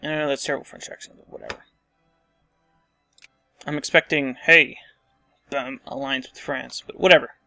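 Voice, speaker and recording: Bright, gravelly man thinking aloud. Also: medium pitch, steady tone, moderate pace, long pauses, dry recording, soft background music. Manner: thinking aloud, muttering asides. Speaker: let's play host. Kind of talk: casual strategy game commentary.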